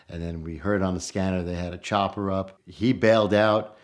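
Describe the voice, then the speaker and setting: Middle-aged man from New York, lowish voice, casual storytelling, animated quoting. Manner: animated, acts out quoted voices with rising pitch. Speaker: storyteller guest.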